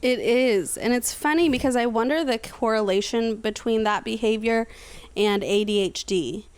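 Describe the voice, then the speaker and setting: A woman from San Antonio co-hosting a podcast in casual chat, talkative and quick to laugh. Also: fairly high pitch, smooth, no room sound. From San Antonio, Texas, USA. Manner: chatty, easy laughter. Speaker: podcast co-host.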